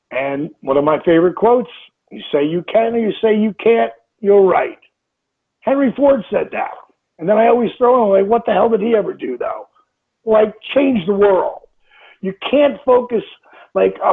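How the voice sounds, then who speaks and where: Gravelly, husky man in his sixties, emphatic. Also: high-pitched. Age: 60s. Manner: emphatic, repeats phrases, acts out inner voices. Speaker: interview guest. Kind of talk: motivational interview talk. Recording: tinny phone-like line.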